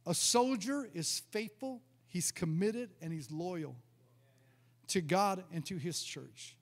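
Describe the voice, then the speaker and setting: High-voiced male pastor in a reverberant hall. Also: slow pace. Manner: storytelling, stammers and repeats words. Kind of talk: sermon with personal testimony. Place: church sanctuary.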